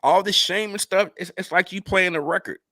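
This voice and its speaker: A man's voice: high-pitched, a little fast, no room sound, clean studio sound. A man, a guest in a casual chat, laughing as he tells stories and acting out other people's lines. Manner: laughing, lively storyteller who acts out others' lines.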